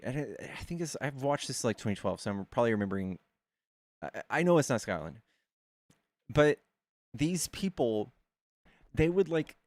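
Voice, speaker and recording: A man from the United States streaming, chatting casually and telling rambling, animated stories with plenty of swearing. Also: medium pitch, no room sound. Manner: rambling, animated storytelling with profanity. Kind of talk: casual chat.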